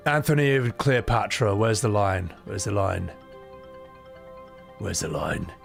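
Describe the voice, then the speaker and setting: A man's voice: fairly low pitch, lively intonation, a little slow, vocal fry, faint music behind. A man chatting casually on a live stream, opinionated and sweary, with frequent asides.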